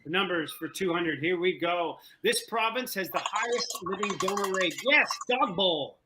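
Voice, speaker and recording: A man hosting an online trivia game over a video call, animated and joking, often repeating himself. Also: sits high, normal speed, background noise. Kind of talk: playful game-show hosting. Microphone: video call from home.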